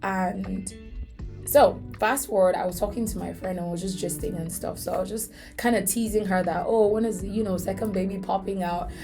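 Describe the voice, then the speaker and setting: A woman's voice: mid-range voice, steady tone, moderate pace, dark tone, soft background music. A woman hosting a faith podcast, telling a story in an earnest, emotional way. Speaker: podcast host.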